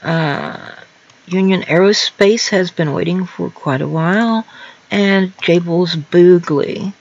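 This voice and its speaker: A woman's voice: on the low side, slow pace, gravelly, dull audio. A woman hosting a casual livestream news show, reading articles aloud and chatting with guests, laughing often. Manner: reads quotes aloud, laughs often, frequent ums.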